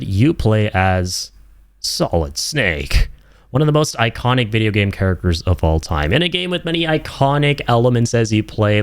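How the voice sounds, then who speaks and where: A man's voice: lowish voice, dry recording. A young man giving an enthusiastic, emphatic video game review in casual, slangy talk.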